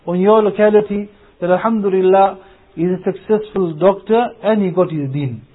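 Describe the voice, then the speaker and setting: A man's voice: high-pitched, breathy edge. A man giving an Islamic talk to young people, repeating phrases and asking rhetorical questions as he tells everyday stories. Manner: repetitive, rhetorical questions, anecdotal. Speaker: Muslim preacher. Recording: phone-like lo-fi.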